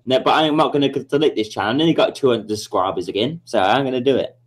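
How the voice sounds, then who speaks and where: A man's voice: mid-range voice, fast. A man hosting a casual livestream chat, sweary and blustering, often repeating himself. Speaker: livestream host.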